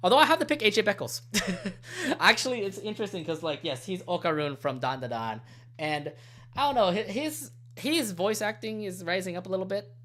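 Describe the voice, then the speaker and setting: A man hosting a podcast in casual chat, animated and laughing often, stumbling over titles. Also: high-pitched, a little fast. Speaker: podcast host.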